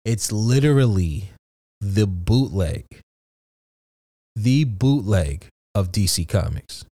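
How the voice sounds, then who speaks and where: A man chatting casually, telling a story loosely and excitedly with lots of swearing and restarts. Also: lowish voice, slow pace, no echo. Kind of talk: casual chat.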